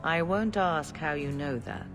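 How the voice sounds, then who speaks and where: A serene elderly church leader. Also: female voice, deep voice, music in the background. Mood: grave. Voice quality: calm, measured, sermonizing. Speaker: grand cleric. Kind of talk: video game voice acting.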